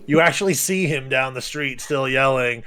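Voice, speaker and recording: A man's voice: mid-range voice, normal speed, background noise. A man narrating as game master of a tabletop game, in a casual way with many fillers and restarts.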